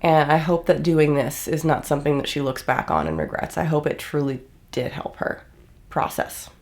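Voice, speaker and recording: Lowish-voiced woman ranting in a reaction video, blunt, swears a lot. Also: normal speed, darkish tone. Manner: heated, blunt, swears often. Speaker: commentary host. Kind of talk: reaction commentary.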